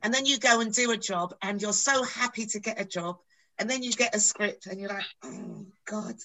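Woman, British accent, middle-aged, bright voice, lively storyteller, podcast guest. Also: mid-range voice, fairly quick, rough recording. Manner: animated storyteller acting out dialogue. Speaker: actress guest. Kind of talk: podcast conversation.

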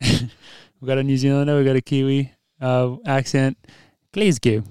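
A man's voice: medium pitch, completely flat delivery, moderate pace, warm tone, smooth, dry recording, clean studio sound. An Australian man hosting a podcast, chatting casually in laughing, easygoing banter. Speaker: podcast host. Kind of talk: casual chat.

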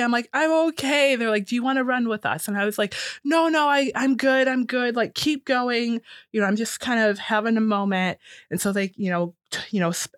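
A woman in her thirties telling a personal story in casual talk, jumping up in pitch when she quotes people. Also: no echo, clean studio sound. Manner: animated, acts out quoted voices higher.

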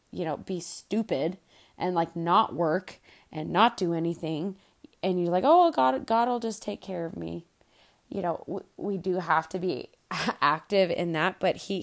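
A woman hosts a casual Bible study podcast in a low, gravelly voice. She speaks earnestly and softly, sounds emotional, and often repeats words as she goes. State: emotional, quiet and soft-spoken. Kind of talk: casual devotional podcast talk.

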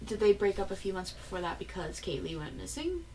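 A woman's voice: mid-range voice, very animated, brisk, a little mellow, a little hiss or hum, low-quality recording. A woman co-hosting a podcast in casual chat, telling stories animatedly, laughing often and swearing freely. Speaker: podcast co-host.

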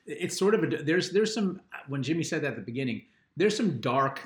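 A man's voice: a little high, animated, brisk, slight background noise. An older man, a father and regular panelist on a podcast, musing through an album review in a rambling way, often restarting his sentences. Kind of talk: casual chat, album review. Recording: roomy echo.

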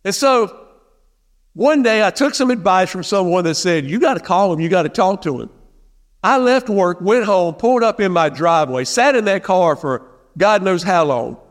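A man with a notably high-pitched voice preaches to his congregation, talking conversationally and leaning hard on repeated phrases. His voice rings out with a long reverb from the church hall around him. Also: expressive, normal speed. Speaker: pastor. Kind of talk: sermon. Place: church sanctuary.

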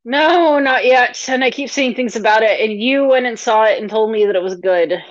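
A woman's voice: on the high side, normal speed, no echo, lo-fi sound. A woman co-hosting a podcast in casual chat, talking freely and leaning on "like" as she thinks aloud. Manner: chatty, leans on "like" as a filler. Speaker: podcast co-host.

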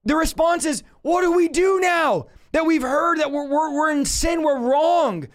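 A man with a very high voice preaches a fervent Bible teaching at a measured pace. He is impassioned, posing rhetorical questions and breaking into bursts of shouting.

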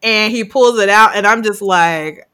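Co-hosting a laid-back podcast, a woman recounts a film scene by scene, cursing freely and performing the characters' lines. Her mid-range voice is bright, forceful and clean, and she takes her time, often breaking into laughter mid-sentence.

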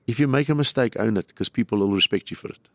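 A middle-aged man with a South African accent and a low, gravelly voice, telling stories on a chat show. He rambles from one anecdote to the next and acts out the people he quotes. The sound is dry and close. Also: quick pace, a bit bright, no room sound. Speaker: comedian, guest. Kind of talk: casual storytelling.

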